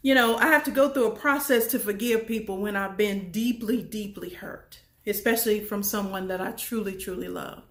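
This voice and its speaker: A woman's voice: medium pitch, moderate pace, few pauses. A woman giving a motivational talk to her audience, emphatic and folksy, repeating her points and asking listeners questions. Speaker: motivational speaker. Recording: roomy echo.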